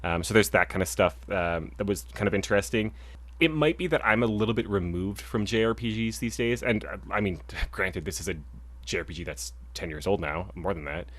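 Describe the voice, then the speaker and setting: Here a young man co-hosts a video game podcast, drifting through casual chat with lots of fillers and restarts. He speaks a little fast, his lowish voice carrying a fairly bright tone.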